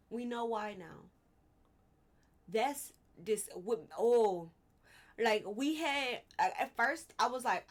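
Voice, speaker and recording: Exasperated woman with a higher voice. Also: slow, pauses often. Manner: exasperated, rambling with many restarts; apologetic asides, swears casually. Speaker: vlog host. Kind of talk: casual commentary.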